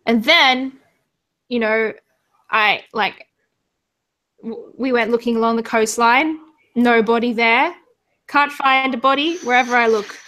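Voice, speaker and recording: A woman's voice: a little high, sharp tone. A woman voicing a weary male police officer who rambles and complains in a tabletop game.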